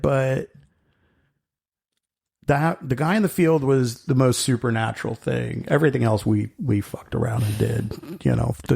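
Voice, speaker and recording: A man's voice: medium pitch, gravelly, darkish tone. A middle-aged man co-hosting a podcast, rambling through stories in casual chat and laughing often. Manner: rambling storyteller, laughs often, acts out quotes. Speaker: podcast co-host.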